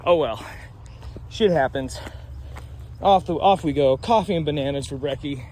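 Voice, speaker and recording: A man's voice: on the high side, normal speed, warm tone, slight background noise. A man vlogging casually outdoors at a forest campsite, talking to a handheld camera in a laid-back, slangy way with easy laughs. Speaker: thru-hiker vlogger. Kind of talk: casual trail vlog.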